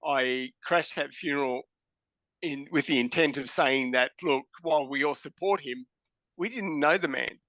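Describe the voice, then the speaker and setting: A man's voice: fairly high pitch, moderate pace, a bit bright, no room sound. A man with an Australian accent, a podcast guest telling stories casually and bluntly, swearing freely. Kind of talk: casual storytelling.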